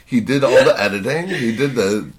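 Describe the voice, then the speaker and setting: A man's voice: medium pitch, animated, normal speed. A man co-hosting a podcast, telling a story in a casual, teasing way and swearing freely. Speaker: podcast co-host.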